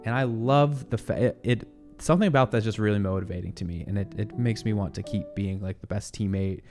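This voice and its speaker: A man's voice: on the low side, brisk, a little mellow, faint music behind. A man in his twenties hosting a casual good-news show, chatting and reacting to video clips in an upbeat, rambling way with frequent laughs. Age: 20s.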